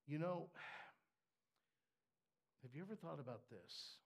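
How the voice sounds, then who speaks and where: Gravelly guy preaching slow and passionate, goes from whisper to shout, kinda high voice. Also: animated. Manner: impassioned, swings from hushed whispers to shouts; halting, repeats words as he builds. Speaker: pastor. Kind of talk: sermon. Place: church with a screen for the congregation.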